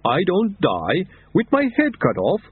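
A man voicing a calm, good-natured male yeti who speaks in an unhurried, matter-of-fact way, over tinny narrowband audio. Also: high-pitched, husky, pitched above the performer's own voice, heavily acted. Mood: placid.

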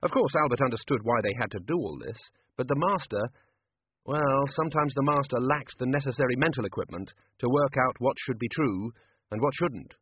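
Male narrator, dry even read, husky, phone-like audio. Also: mid-range voice, fairly quick, no room sound.

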